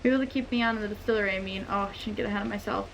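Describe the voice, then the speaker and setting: A woman streamer reading game dialogue aloud with playful asides, her voice a bit hoarse. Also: medium pitch, steady tone, racing, a little hiss or hum. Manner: reads lines in character, playful asides.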